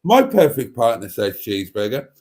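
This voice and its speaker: A middle-aged man hosts a casual live stream, reading viewer comments aloud between rambling, self-interrupting asides. His voice is mellow and a little congested, and he keeps trailing off into tangents as he chats. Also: medium pitch, sing-song, moderate pace. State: a bit congested with mucus.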